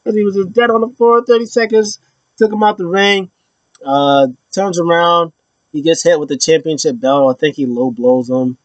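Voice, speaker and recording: Animated young man reviewing wrestling. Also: moderate pace, no echo, highs cut off. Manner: animated, slangy, acts out wrestlers in pitched-up voices. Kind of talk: casual opinion vlog.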